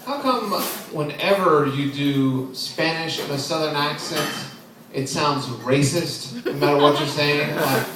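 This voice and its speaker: A man in his twenties performing an open mic stand-up set, deadpan and self-deprecating, chuckling at his own jokes. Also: on the high side, a little slow, recorded from a distance. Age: 20s. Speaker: stand-up comedian. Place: comedy club stage. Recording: echoey club heard from afar, crowd noise. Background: audience laughing.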